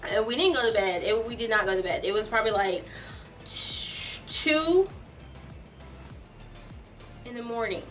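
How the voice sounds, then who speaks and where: A young adult woman vlogger telling a storytime tale in an animated, filler-heavy way. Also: mid-range voice, fast talker, hardly any pauses, far from the mic, soft background music. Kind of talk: storytime vlog.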